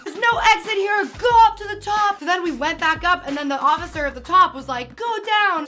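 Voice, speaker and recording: A woman in her twenties telling a personal story in a chatty, animated way. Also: high-pitched. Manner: animated, acting out quotes, chatty. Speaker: vlogger. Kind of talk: storytelling vlog.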